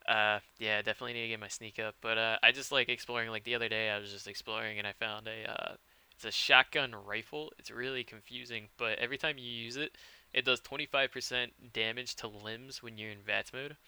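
Man, podcast co-host, very bright and smooth voice, hesitant, filler-heavy casual chat. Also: on the low side, fairly even intonation, a little fast, dry recording.

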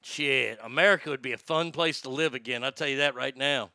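Gravelly, bright-voiced man ranting. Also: mid-range voice, a little fast, no room sound, clean studio sound. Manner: loud, crude, mocking, swaggering. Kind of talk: profane political rant.

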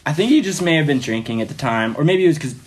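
A man's voice: on the high side, animated, fast talker. A man telling a story as a podcast guest in casual, rambling speech full of fillers, often laughing.

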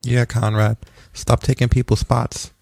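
A man's voice: medium pitch, measured pace, gravelly, dry recording. Casual man hosting a podcast. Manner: relaxed, joking, runs the segments. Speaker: podcast host. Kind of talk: casual chat.

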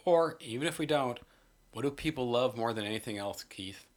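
A man's voice: medium pitch, animated, brisk. A man hosting a podcast in casual chat, playfully asking teasing questions. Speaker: podcast host.

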